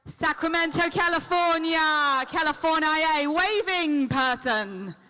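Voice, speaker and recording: A woman's voice: high voice, slow pace, pushed and bright. A woman on a convention stage speaking into a handheld microphone. She trades playful, teasing jokes with a live audience during a Q&A. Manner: teasing, playful comic patter. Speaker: celebrity convention guest.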